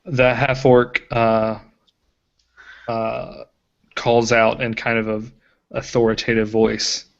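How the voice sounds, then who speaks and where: A man acts as game master, describing the scene in a relaxed, halting way with plenty of ums. His pitch sits in the middle range. The recording is dull and lo-fi. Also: gravelly. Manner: casual, hesitant, many fillers. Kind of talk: narrating a tabletop game. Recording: muffled lo-fi recording.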